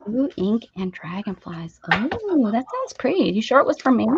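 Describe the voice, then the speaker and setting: A bright-voiced woman hosts a craft livestream, chatting and joking as she sorts through her mail. She laughs often and talks in a loose, playful way. The stream audio is dull and lo-fi, with a faint hiss underneath. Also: on the high side, big pitch swings, moderate pace. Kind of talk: casual chat while opening mail.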